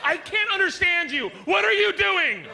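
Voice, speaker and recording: A man voicing an exasperated wife who shouts slowly and indignantly at her husband. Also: extremely high pitch, big pitch swings, creaky, voice pushed up, heavily acted. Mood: exasperated shouting.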